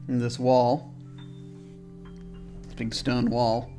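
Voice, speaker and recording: Male game master, hesitant storyteller, average pitch, fills pauses with ums. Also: completely flat delivery, mellow, soft background music. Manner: halting, many ums and restarts. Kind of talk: narrating a tabletop game.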